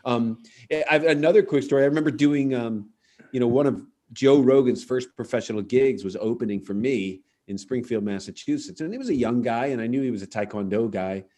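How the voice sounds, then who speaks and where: A man's voice: medium pitch, brisk, a little mellow. A middle-aged man, a comedian hosting a podcast, telling stories in a casual chat and acting out the punchlines. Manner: anecdotal storyteller, acts out quoted voices with punchlines. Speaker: podcast host and stand-up comedian.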